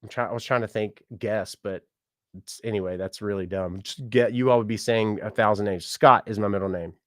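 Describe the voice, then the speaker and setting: A man's voice: on the low side, fairly even intonation, a little fast, fairly bright tone, no room sound, studio quality. A man who works as a musician and mortician, chatting casually on a livestream and reading out viewer comments. He is upbeat and laughs often.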